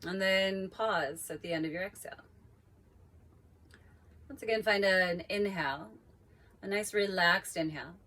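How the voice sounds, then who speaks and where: A woman yoga teacher calmly leading a guided breathing practice with slow, drawn-out cues. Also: medium pitch.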